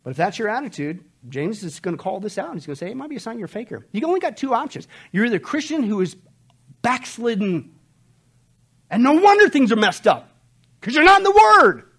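Animated preaching man, lively high voice. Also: a little fast. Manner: animated preaching, swinging from loud emphatic outbursts to low hushed warnings. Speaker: pastor. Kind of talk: expository sermon. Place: church service.

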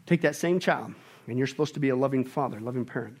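A middle-aged man preaching a sermon, conversational and animated, often tagging his points with "right?" and acting out family stories with playful voices. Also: mid-range voice, fast, slightly rough. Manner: acts out family scenes with playful put-on voices. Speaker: pastor.

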